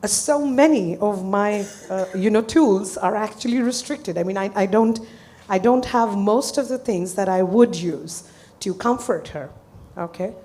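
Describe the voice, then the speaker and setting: A woman therapist walks an audience through a client case in a mellow, warm voice. Her delivery is earnest and hesitant, with pauses as she gathers her thoughts. Her pitch sits in the middle of the range.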